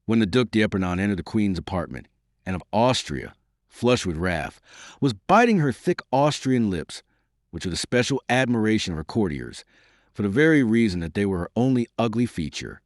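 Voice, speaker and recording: A man narrates a novel as an audiobook, reading scripted text in a measured, expressive storytelling style. His voice is on the low side, and the recording is dry with clean studio sound.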